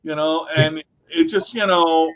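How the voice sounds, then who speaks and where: A man's voice: fairly high pitch, sing-song, measured pace, fairly bright tone. A man co-hosting a casual podcast, telling stories with crude jokes. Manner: joking, crude humor. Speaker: podcast co-host. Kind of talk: casual chat. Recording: dull lo-fi sound.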